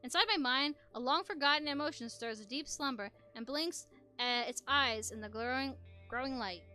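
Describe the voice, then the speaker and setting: High, bright woman reading a game aloud. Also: moderate pace, soft background music. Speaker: gameplay narrator. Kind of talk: reading a visual novel aloud. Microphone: headset.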